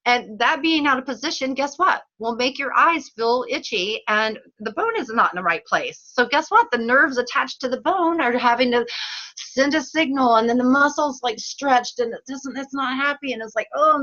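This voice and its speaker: A woman hosting a casual teleseries chat, bubbly and quick to laugh, who acts out little voices as she talks. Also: high voice, lively intonation, sharp tone, muffled recording. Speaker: host. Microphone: phone or call line.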